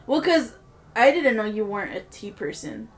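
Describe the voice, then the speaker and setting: A woman's voice: medium pitch, sing-song, normal speed. A woman co-hosting a podcast in casual chat, teasing and giggly. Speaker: podcast co-host.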